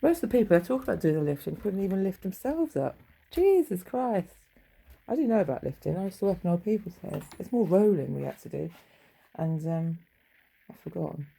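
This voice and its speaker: A middle-aged woman talks in a rambling, offhand way, with a gravelly, husky edge to her voice. Her tone is low and mellow, and she drifts between wry asides and casual swearing as she chats from home. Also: very animated, brisk, poor audio. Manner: chatty, wry, swears freely, laughs at own asides. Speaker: vlogger. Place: home bedroom.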